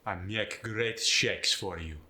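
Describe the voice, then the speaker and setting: A man doing a West African-accented voice that lands hard on every syllable, with rising tones on certain vowels. It is unhurried and bright-edged, and it sits in a roomy, echoey space. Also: lowish voice, heavily acted. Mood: demonstrating. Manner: slow, deliberate, stresses every syllable.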